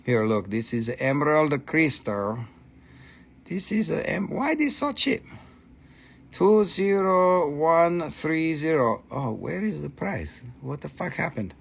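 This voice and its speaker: A man's voice: on the high side, animated, slow pace, vocal fry, slightly rough. A man hosting a live sale, joking around, chanting and laughing a lot. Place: indoor shop.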